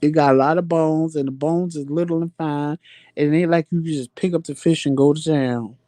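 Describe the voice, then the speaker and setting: Man hosting a loose live chat, slightly high voice, dry close sound, swears freely, animated storyteller. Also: brisk, dry recording. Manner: animated, profane, laughing storyteller. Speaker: livestream chat host. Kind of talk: casual live chat answering viewer comments.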